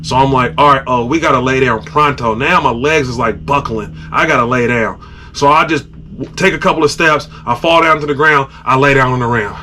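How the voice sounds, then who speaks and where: A man hosting a podcast, casually telling a story and acting out his own groans, shouts and sound effects. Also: medium pitch, fairly quick, a little hiss or hum. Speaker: podcast host.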